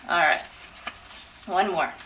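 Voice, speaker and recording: A woman gives a demo pronunciation lesson at an unhurried, deliberate pace and over-articulates every word. She sounds set back from the mic, with faint noise underneath. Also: fairly low pitch, pushed and bright, far from the mic, poor audio. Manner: slow, drawn-out, over-articulated. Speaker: English pronunciation tutor.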